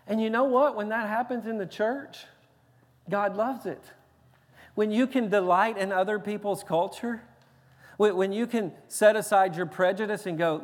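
A man with a Tennessee Southern accent preaches a sermon from a large church sanctuary. His voice sits high for a man, and he talks in a lively, joking, emphatic way, often restarting his words. Long reverb from the big hall trails after every phrase. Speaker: pastor.

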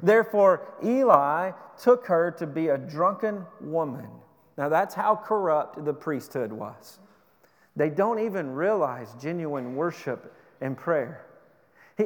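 A man preaching a sermon with passion, retelling scripture in the first person and pleading with his listeners. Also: on the high side. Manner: impassioned preaching, rising and falling, paraphrasing scripture in first person. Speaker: pastor. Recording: long hall reverb.

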